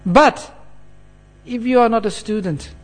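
Male preacher with a high voice, earnest and unhurried, explaining scripture to a class. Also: faint music behind. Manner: earnest, checks in with listeners by asking "hmm?". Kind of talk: sermon.

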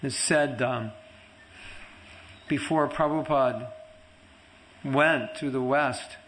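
A man teaching a devotional class in a conversational way, telling stories and quoting others, at times softly repeating a chanted mantra. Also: mid-range voice, slow pace, slight background noise, low-quality recording. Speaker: spiritual teacher giving a class.

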